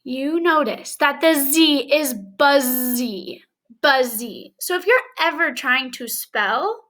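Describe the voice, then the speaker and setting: Bright high-voiced reading teacher. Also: female voice. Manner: slow, clear, encouraging classroom delivery with bits of Spanish. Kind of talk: early reading lesson for young children.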